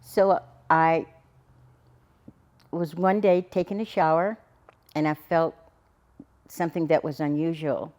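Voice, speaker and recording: Slow-speaking middle-aged woman, earnest and halting. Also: low-pitched, fairly even intonation, darkish tone. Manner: earnest, halting, with many restarts. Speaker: guest, cancer survivor. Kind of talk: personal storytelling in a podcast interview.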